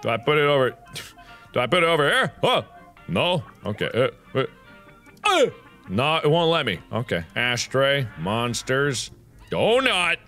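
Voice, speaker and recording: A man hosting a gaming video, giving animated, jokey let's-play commentary that swings from squeaky to mumbled. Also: a little slow, faint music behind.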